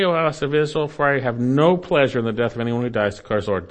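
A man preaching an expository sermon, earnest and exhorting, speaking straight to the listener as a friend and swinging between emphatic and hushed lines. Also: medium pitch, fast, few pauses. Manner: addresses the listener directly as "my friend".

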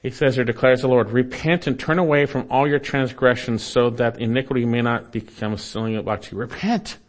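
A man preaching an expository sermon, earnest and exhorting, speaking straight to the listener as a friend and swinging between emphatic and hushed lines. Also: medium pitch, steady tone, a little fast. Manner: addresses the listener directly as "my friend".

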